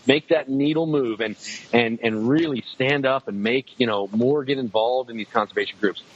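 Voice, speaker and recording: This podcast guest, a man with a mid-range, slightly rough voice, talks about his outdoor show at a moderate pace. His casual talk wanders, constantly breaking off to restart and padded with "um" and "you know." Faint noise sits under a slightly dull, lo-fi recording.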